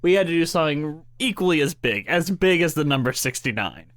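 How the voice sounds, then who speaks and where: Man, podcast host, playful, giggly, higher voice, very lively pitch. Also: a little fast, no room sound. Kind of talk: comedic casual chat and read summary.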